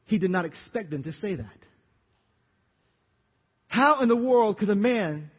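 A man preaching a sermon as pastor, telling the story dramatically and acting out the crowd's shouts. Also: high voice, slightly rough. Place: church sanctuary. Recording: dull reverberant church recording.

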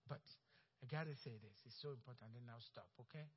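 A man preaching a sermon as pastor, acting out quoted coworkers and swinging from loud, bold lines to hushed ones. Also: medium pitch, fast, slightly rough. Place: church sanctuary. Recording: dull sound with long church reverb.

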